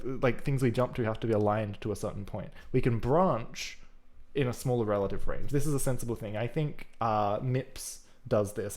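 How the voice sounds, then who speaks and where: A man's voice: mid-range voice, darkish tone. Man thinking aloud while live coding. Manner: thinking aloud, casual and chatty. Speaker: programming livestreamer.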